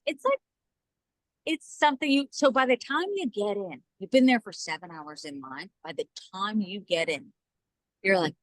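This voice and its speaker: A woman from New Jersey, a news journalist and podcast guest, telling stories in a casual chat and acting out the quotes with lively voices. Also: medium pitch, fairly quick, dry recording, rough recording. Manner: animated, acts out quoted dialogue in lively voices.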